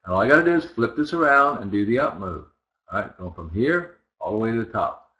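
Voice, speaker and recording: A man's voice: lowish voice, sing-song, fairly quick, bright, forceful tone, muffled recording. Man walking through trading charts. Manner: conversational, talks while working, asks listeners rhetorical checks. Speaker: trading instructor. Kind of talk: live chart walkthrough.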